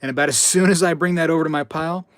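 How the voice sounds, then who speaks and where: A man's voice: on the high side, very fast, dry recording. A man hosting a casual live stream, reading chat messages aloud and telling stories in a chatty, repetitive way. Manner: chatty, repeats himself, reads chat aloud, tells anecdotes. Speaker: livestream host.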